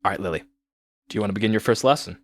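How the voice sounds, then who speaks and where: A man voicing a composed, serious village woman who mentors a young singer, speaking in a measured, quiet way. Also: on the low side, dry recording, pitched below the performer's own voice, natural voice. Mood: grave.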